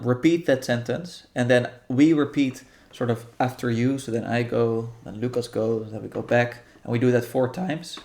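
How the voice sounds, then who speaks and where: A man calmly explaining how a guided meditation practice will go, thinking aloud with frequent restarts. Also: medium pitch. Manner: thoughtful, halting, many restarts and fillers. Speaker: guest guiding a meditation practice. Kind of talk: explaining a practice in casual conversation.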